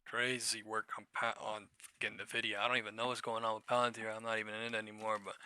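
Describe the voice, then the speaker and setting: A man live-streaming stock trading, talking to his viewers in a loose, profane, excitable way. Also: lowish voice, fast talker, smooth, no room sound. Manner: profane, excitable, laughs and shouts at market moves. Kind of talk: live-stream market commentary.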